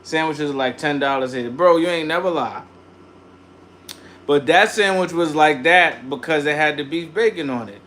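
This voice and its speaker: A man's voice: on the high side, normal speed, fairly bright tone, slight background noise. A man hosting a casual livestream, ranting and chatting in slang and greeting viewers by name. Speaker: livestream host.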